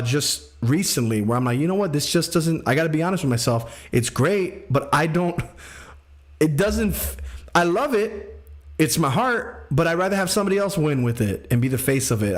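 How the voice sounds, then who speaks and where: A man's voice: on the high side, lively intonation, moderate pace. A man hosting a casual livestream as a music producer, joking and rambling in slangy talk full of fillers. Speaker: music producer streaming feedback. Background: music playing.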